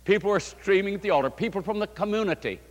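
Older preacher guy, high lively voice, long echo like a big hall. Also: fast talker. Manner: fervent preaching, voice swelling and dropping low. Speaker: pastor. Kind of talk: sermon storytelling.

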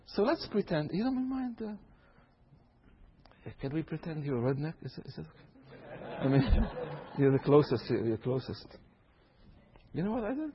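A man from Syria preaching a sermon, swinging from low asides to loud high exclamations. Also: big pitch swings, moderate pace, pauses often. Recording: long hall reverb, dull lo-fi sound.

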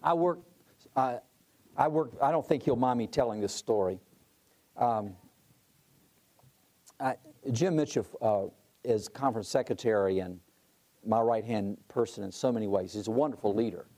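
A man's voice: medium pitch, normal speed, pauses often, dark tone. A middle-aged man talking about leadership in a conversational way, telling a story with asides and restarts. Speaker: conference president speaking on leadership.

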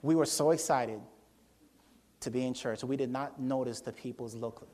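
A man preaching a sermon as a story, acting out voices with sudden high shouts and laughter. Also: normal speed.

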